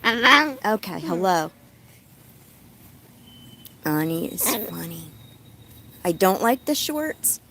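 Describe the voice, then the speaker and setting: A woman from Tennessee talks slowly and casually to her viewers, reading comments aloud while hushing a restless bird. She is outdoors at home, holding her phone, with a faint hiss of noise behind her. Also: lowish voice, sing-song, creaky. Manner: soothing a noisy bird between chatty asides. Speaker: vlogger with a pet cockatoo. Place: outdoors at home with birds and dogs nearby. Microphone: handheld phone.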